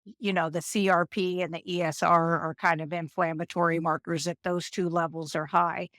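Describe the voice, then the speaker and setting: A woman in her fifties, a nurse, telling stories in an interview and acting out the people she quotes in an animated way. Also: fairly low pitch, brisk, no echo, clean studio sound. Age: 50s. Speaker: nurse and guest. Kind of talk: storytelling interview.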